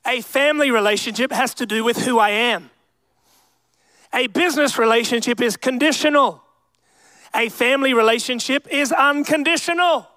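High-voiced young preacher, dry sound. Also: male voice, pushed and bright, no room sound. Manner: emphatic preaching with crowd call-outs. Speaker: pastor. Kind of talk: sermon.

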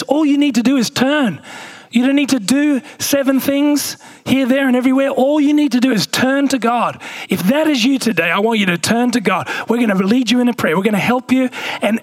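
A male pastor, preaching a sermon with animated asides while reading scripture. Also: extremely high pitch.

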